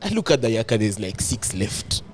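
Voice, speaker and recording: A man co-hosting a podcast, telling a casual story with lively asides and laughter. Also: fairly low pitch, normal speed, noisy background. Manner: animated, calls listeners bro, laughs at himself. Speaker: podcast co-host.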